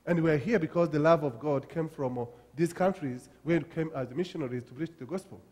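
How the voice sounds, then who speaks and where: A man from Africa preaching a sermon as pastor, with halting restarts and emphatic repetitions. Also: on the high side, darkish tone. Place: church sanctuary. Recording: long church hall reverb.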